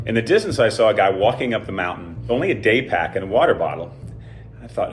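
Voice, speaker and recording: A man's voice: lowish voice, sing-song, fast, soft background music. A man in his sixties reading a scripted personal story in a dry, self-deprecating way. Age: 60s. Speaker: alumnus telling a personal story.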